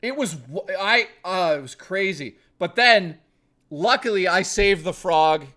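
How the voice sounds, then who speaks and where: A man's voice: high voice, expressive, takes it slowly, pushed and bright. A man livestreaming, chatting casually to his viewers in a rambling, profane, joking way, full of restarts. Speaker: livestreamer talking to chat.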